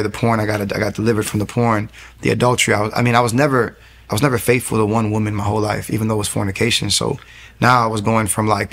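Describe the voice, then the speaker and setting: A man in his thirties, giving an earnest faith testimony as a guest in fast storytelling with many restarts. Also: on the low side, gravelly.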